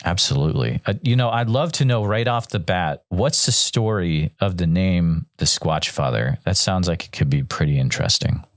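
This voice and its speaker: Low-voiced friendly male podcast host. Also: lively intonation, normal speed, few pauses, no room sound, studio quality. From Western Massachusetts. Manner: friendly, enthusiastic, filler-heavy. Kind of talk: casual interview.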